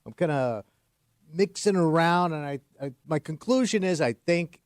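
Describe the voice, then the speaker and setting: A man's voice: fairly high pitch, expressive, moderate pace, no echo, clean studio sound. A man co-hosting a sports radio show, jokey and full of stammering restarts.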